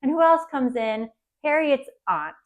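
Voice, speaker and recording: A woman's voice: sits high, very animated, unhurried, slight background noise. A woman co-hosting a podcast, chatting casually and emotionally about a book, laughing often. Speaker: podcast co-host.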